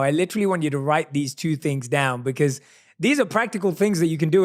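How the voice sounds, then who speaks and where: A man hosting an interview, enthusiastic and speaking straight to his listeners. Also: a little high. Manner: enthusiastic, addresses the audience directly. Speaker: podcast host. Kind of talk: interview conversation.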